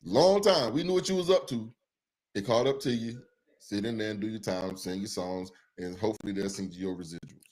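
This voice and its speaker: A man co-hosting a casual podcast, talking in a relaxed way with repeated, drawn-out phrasing. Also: fairly low pitch. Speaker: podcast co-host. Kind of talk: casual chat.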